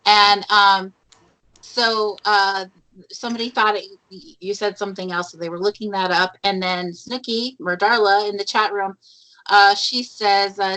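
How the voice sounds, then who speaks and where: A woman radio host from Minnesota leads a relaxed interview. She tells stories with lively energy and laughs easily. Her voice is bright and forward, at a medium pitch. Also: unhurried, low-quality recording. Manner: lively storyteller who laughs often.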